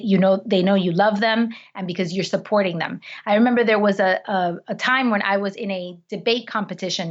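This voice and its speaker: A woman talks as a podcast guest, sharing personal stories with earnest feeling. She often restarts her sentences as she goes. The recording sounds slightly muffled and lo-fi. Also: medium pitch. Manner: earnest, heartfelt, frequent restarts. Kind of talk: conversational storytelling.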